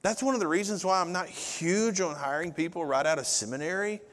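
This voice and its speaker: A man in his forties, a pastor, preaching a sermon in a loose, conversational storytelling way with sudden loud bursts. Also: sits high, brisk. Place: church sanctuary. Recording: reverberant hall.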